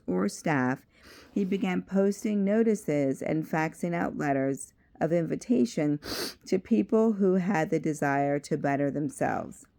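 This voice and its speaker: A woman's voice: low-pitched, gravelly, a little mellow. A woman doing a confident man with a southern drawl. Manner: confident and storytelling.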